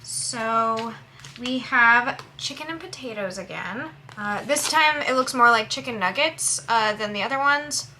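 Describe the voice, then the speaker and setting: A young woman with a bright, slightly high voice talks casually to her viewers in a food vlog. She thinks out loud as she tastes each dish and describes it. She is recording in a hotel room. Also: lively intonation, unhurried, slight background noise. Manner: chatty, thinks aloud while tasting. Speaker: vlogger.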